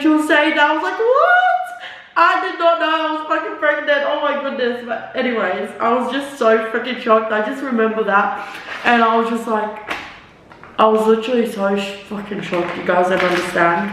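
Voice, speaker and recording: A young vlogger with a fairly high, fairly bright voice talks fairly quickly through a rambling storytime as she does her makeup, swearing openly and peppering in "like" and "literally." She's turned away from the camera in an echoey room, recorded by a distant mic with slight background noise.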